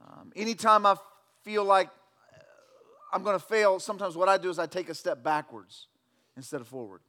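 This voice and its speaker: A man's voice: a little high, fairly bright tone. A middle-aged male pastor preaching a sermon, earnest and repetitive, building to emphatic declarations.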